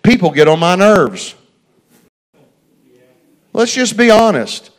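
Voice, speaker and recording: Folksy pastor preaching, high voice. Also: male voice, big pitch swings, takes it slowly. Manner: folksy preaching, addresses congregation as y'all, repeats phrases for emphasis. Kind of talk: sermon.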